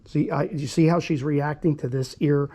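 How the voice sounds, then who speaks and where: A man, a dog groomer, talking viewers through a hands-on grooming demonstration in an earnest, repetitive way, with soft soothing asides to the dog. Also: fairly high pitch, fairly even intonation, moderate pace.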